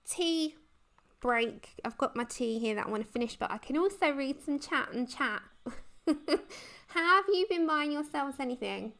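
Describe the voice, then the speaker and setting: A woman's voice: sits high, fairly bright tone. A woman hosting a casual colouring livestream, chatting and giggling as she reads the chat. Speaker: livestream host.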